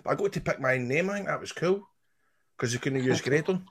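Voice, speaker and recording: A man's voice: fairly high pitch, expressive, a little fast, a crowd in the background. A Scottish man co-hosting a football podcast, telling stories in casual, sweary chat. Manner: swearing storyteller. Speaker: podcast co-host.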